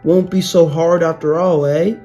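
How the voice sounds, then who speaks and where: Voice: mid-range voice, fairly even intonation, moderate pace, mellow, lo-fi sound, soft background music, close to an everyday voice. A narrator voicing a cheerful, helpful male steam engine in a friendly, chatty tone. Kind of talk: storybook reading.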